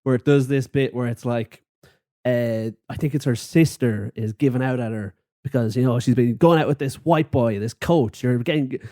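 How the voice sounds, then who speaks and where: A man's voice: medium pitch, normal speed, mellow, no echo, studio quality. A young Irish man co-hosting a podcast, retelling film scenes in casual chat with lots of laughing. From Ireland. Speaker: podcast co-host.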